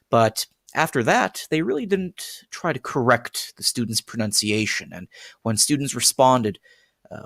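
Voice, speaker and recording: A man's voice: mid-range voice, dry recording. Young guy explaining stuff earnestly, lots of uhs, dry close sound. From United States. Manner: earnest, with frequent fillers and restarts. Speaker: language teacher. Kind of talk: explanatory presentation.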